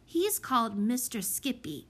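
Whispered role-play, woman doing a tiny sweet girl, lisping, soft, secretive, storybook. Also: a little high, very animated, measured pace, husky, heavily acted. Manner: soft whisper, childish lisp.

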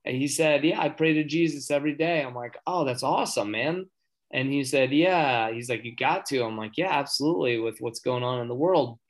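A man telling a story in casual chat, earnest and rambling, getting excited as he talks. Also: mid-range voice, normal speed. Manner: earnest, excitable when talking faith; rambling with many fillers and restarts.

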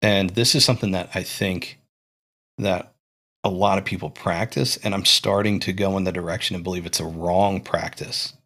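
A man's voice: deep voice, steady tone, moderate pace, fairly bright tone. A young man hosting a casual podcast, thinking aloud as he talks, with frequent restarts and fillers. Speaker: podcast host.

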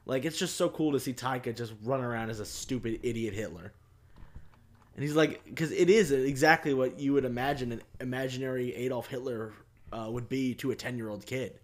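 A man's voice: mid-range voice, a little fast. A man rambling casually on a podcast about a film, with lots of fillers. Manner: rambling, filler-heavy, laughing. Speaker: podcast co-host.

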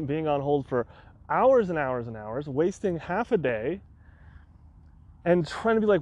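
A man hosting a solo podcast, telling a personal story in an animated way and acting out his own frantic outbursts. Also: a little high, a little slow, long pauses. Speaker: podcast host.

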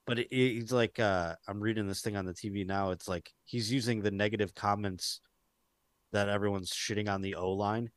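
Rambling, low-voiced man on a dry mic. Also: fairly quick, no room sound. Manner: loose, profane, rambling, quotes people in put-on voices. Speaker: podcast co-host. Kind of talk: casual chat.

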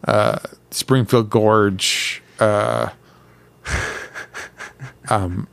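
Slow, teasing man on a podcast. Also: on the low side, fairly even intonation, gravelly, fairly bright tone, clean tone, dry recording. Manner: teasing, halting with many fillers. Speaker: podcast co-host. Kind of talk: casual podcast chat.

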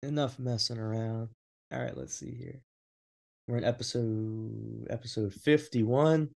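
A man of middle pitch hosts a podcast in a casual, upbeat way, teasing his guests and tossing off jokes. His delivery is lively and chatty. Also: unhurried, vocal fry. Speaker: podcast host.

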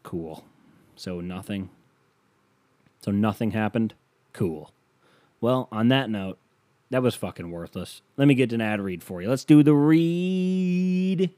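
A man's voice: on the low side, measured pace, pauses often, darkish tone, dry recording. A man hosting a podcast, chatting sarcastically about the news and swearing casually, then doing a playful sponsor read. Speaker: podcast host.

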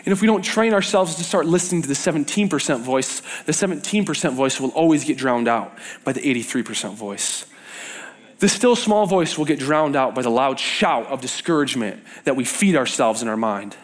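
Brisk and mid-range in pitch, a young adult man preaches to young people through stories. He animates each one by acting out the voices he's quoting.

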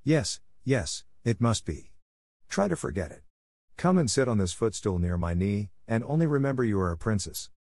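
Guy doing a kind old gentleman, soothing, lowish voice. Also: big pitch swings, normal speed, no room sound, studio quality. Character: kindly older gentleman, soothing.

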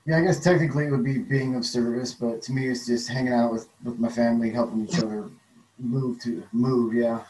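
Man, mid-pitched, rambling casual co-host, roomy echo. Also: fairly even intonation, a little mellow, a little hiss or hum. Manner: easygoing, rambling, halting. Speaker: podcast co-host. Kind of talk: casual chat.

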